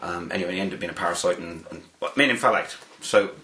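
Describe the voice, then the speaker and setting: A man, interviewed and telling anecdotes in an animated way, often repeating words as he starts a phrase. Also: sits low, quick pace, echoey room, a little hiss or hum. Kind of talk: anecdotal storytelling.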